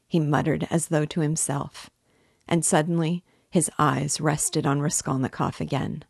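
A woman reading a novel aloud in a steady, clear narration. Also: low-pitched, unhurried, dry recording. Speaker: book reader. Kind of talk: audiobook narration.

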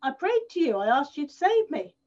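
A woman's voice: high voice, big pitch swings, brisk, a little mellow. A stubborn man stranded on a rooftop, insisting on waiting, as a British woman puts him on in her story. The recording is slightly dull and lo-fi.

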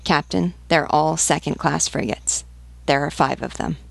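A woman's voice: low voice, measured pace, gravelly, no echo, full character voice. A woman reading the lines of a knowledgeable male ship's pilot who lists enemy ships in a matter-of-fact way.

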